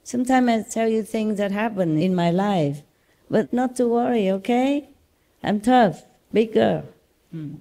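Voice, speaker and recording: A woman spiritual teacher with a Vietnamese accent, telling stories and reassuring her disciples in a casual, animated way. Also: mid-range voice, unhurried. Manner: reassuring, animated storytelling with laughs.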